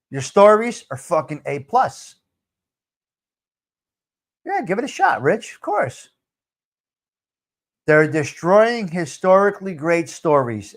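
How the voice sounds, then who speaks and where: A man hosting a live stream, answering viewer comments in a blunt, profane, repetitive rant. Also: a little high. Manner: blunt and fired up. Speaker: live-stream show host.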